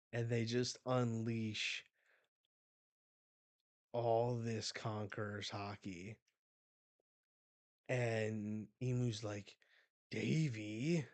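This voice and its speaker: A man hosting a live manga reaction, retelling the chapter excitedly and swearing as he goes. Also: lowish voice, dry recording.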